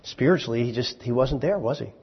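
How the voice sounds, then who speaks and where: A man preaches a sermon to a congregation in a church hall, speaking conversationally and wryly with plenty of rhetorical questions and asides. His mid-range voice is expressive, fairly quick and slightly rough, and the recording is echoey, dull and lo-fi.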